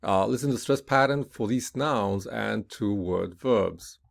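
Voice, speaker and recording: A man with a fairly low, gravelly voice teaches a pronunciation lesson at a very unhurried pace. He explains each rule step by step and often checks in with "right?". He says example word pairs aloud and leans hard on the stressed syllables. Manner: slow and deliberate, with repeated checks of "right?".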